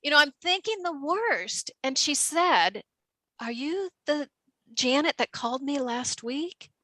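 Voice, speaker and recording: A woman's voice: sits high, unhurried, sharp tone, no room sound, poor audio. A woman guest telling a story in casual chat, full of fillers and acted-out quotes. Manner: chatty, many fillers, acts out quotes.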